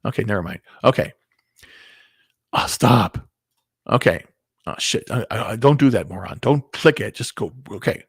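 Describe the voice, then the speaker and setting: A man delivers a loose, rambling commentary straight to his viewers, often restarting his sentences and muttering curses to himself. His voice is gravelly with a husky edge. The recording is dry and close. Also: lowish voice, animated, moderate pace, pauses often, dry recording. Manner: rambling, restarts, swears under breath, sharing screen. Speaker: video commentator. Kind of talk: casual opinion monologue to camera.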